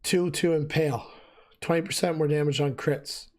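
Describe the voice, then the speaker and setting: A man who is losing his voice explains game gear in a relaxed, casual talk, thinking aloud with frequent fillers. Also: a little high, normal speed. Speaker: gaming video host.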